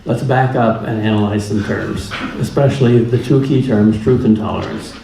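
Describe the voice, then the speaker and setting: A man with a lowish, creaky voice speaks at a moderate pace over a noisy background. He gives a public lecture in a plainspoken, humorous style, hammering his points home through repetition. The room is echoey, with faint ambience.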